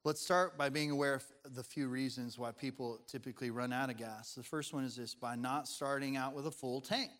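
Brisk and hardly pausing, a male pastor with a mid-range, slightly bright voice and fairly even intonation preaches playfully. He questions the congregation in the church sanctuary, where a long hall reverb lingers.

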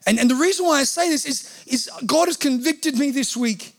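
A man's voice: extremely high pitch, moderate pace. A man preaching a sermon in a church, talking earnestly and conversationally and acting out quotes. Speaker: pastor. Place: church hall.

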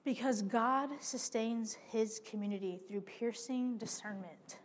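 High-voiced woman preaching in a hall. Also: measured pace, a little hiss or hum. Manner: animated storytelling, addresses listeners as y'all and friends. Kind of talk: sermon with personal story. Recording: long hall reverb.

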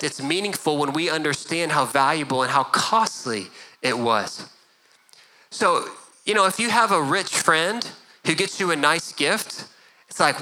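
In a low-quality recording, a middle-aged pastor gives a sermon with a very bright, ringing voice pitched a little high for a man. His manner is earnest and conversational, and he frequently goes back over his own words.

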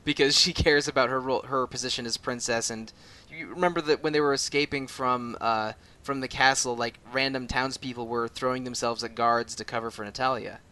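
Bright-voiced man chatting about games. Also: medium pitch, fairly even intonation, brisk, few pauses, clear, resonant tone. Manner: hesitant, repeats words, frequent fillers. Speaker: podcast co-host. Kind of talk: casual game discussion.

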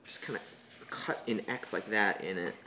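A man's voice: fairly low pitch, normal speed, crowd noise. A man baking at home, reading recipe steps aloud in a casual, hesitant, joking way. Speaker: host baking with his child. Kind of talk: casual home cooking chat. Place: home kitchen.

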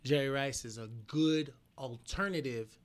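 A man's voice: medium pitch, measured pace, clean tone. Stammering young man, drinking and chatting. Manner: stammering, repeats words, swears often. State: drinking alcohol. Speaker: podcast host. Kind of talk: drinking casual chat.

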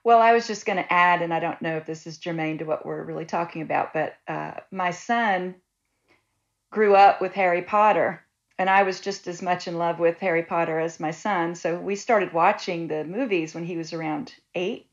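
A woman with a lowish voice joins a casual group chat. She talks in an earnest, tentative way. Her audio sounds dull and lo-fi. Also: normal speed.

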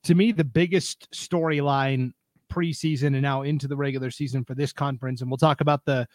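A young adult man hosting a casual high school sports podcast, upbeat and joking with his co-host. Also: fairly even intonation, brisk, dry recording.

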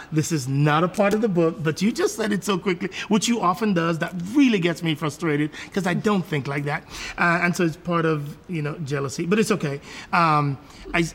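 A man hosting a parenting podcast, asking questions and affirming his guests often. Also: a little high. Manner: affirming, frequent mm-hmms and praise. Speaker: podcast host. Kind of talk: interview hosting.

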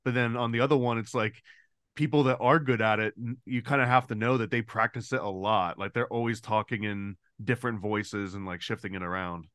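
A man's voice: lowish voice, fairly even intonation, brisk, fairly bright tone, smooth, no room sound, clean studio sound. A man guest on a podcast, chatting casually and explaining his thoughts at length. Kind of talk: casual chat.

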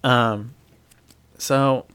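A man's voice: medium pitch, extremely slow, clear, resonant tone, dry recording. A man recapping a TV episode in casual chat. He swears freely and talks animatedly. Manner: profane, animated, slips into mocking voices.

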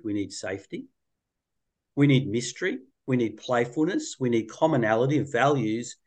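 A middle-aged man, a child therapist telling a story in an interview, playful and colloquial. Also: mid-range voice.

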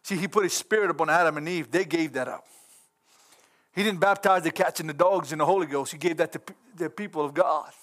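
A middle-aged man preaching a fervent sermon, folksy in grammar and rising at times to shouts. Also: a little high, brisk.

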